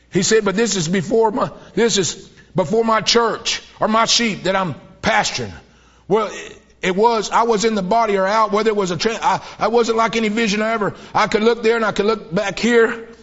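A man preaching a sermon, telling a vision with mounting fervor and bursts of shouted praise. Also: high voice, normal speed. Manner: fervent storytelling, voice rising to shouts of praise. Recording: dull lo-fi old tape.

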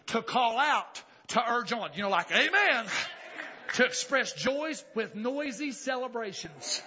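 A man preaching a sermon, swinging from calm, folksy talk to hollered exclamations. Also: very high voice, a little slow, crowd noise. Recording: dull lo-fi church recording with faint congregation.

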